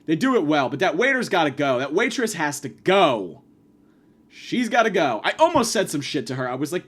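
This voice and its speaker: A man delivering a profane comedic rant, abrasive and insulting, swinging from yelling to muttering. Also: a little high, very animated, fairly quick, husky. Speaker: comedic ranter.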